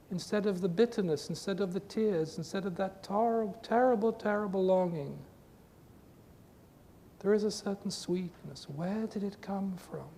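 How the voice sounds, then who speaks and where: A man giving an earnest spiritual talk to a group, with emphatic, repetitive phrasing, recorded in a reverberant hall with a faint rumble. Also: a little mellow. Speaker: spiritual teacher.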